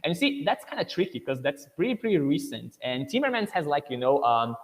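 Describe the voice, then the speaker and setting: A man's voice: fairly high pitch, very animated, fairly quick, big-room sound, low-quality recording. A man from Brazil with a Brazilian Portuguese accent, a native Portuguese speaker teaching English in a webinar lecture, chatty and full of fillers. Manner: chatty, many fillers like "you know" and "uh".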